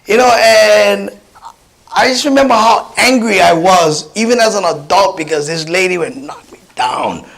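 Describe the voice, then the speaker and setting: A man in his fifties from Hawaii with a Pidgin-tinged accent, a comedian telling personal stories in an animated, chatty keynote speech. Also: sits high, normal speed, vocal fry, rough recording. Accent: Hawaiian Pidgin-tinged English. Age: 50s. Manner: animated, chatty, many restarts and laughs.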